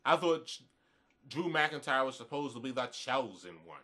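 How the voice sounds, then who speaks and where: A man's voice: mid-range voice, very animated, moderate pace, pushed and bright. A man giving a blunt, profane, rambling review of a wrestling event in a casual rant, groggy this morning.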